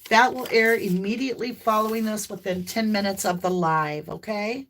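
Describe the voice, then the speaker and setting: A talkative woman with a light Southern US accent hosts a live tarot stream, rambling easily and laughing often. Her voice sits at a middle pitch, and she breaks into loud whoops. A faint hiss and some clicks sit behind her. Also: moderate pace. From American South. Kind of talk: casual live-stream chat.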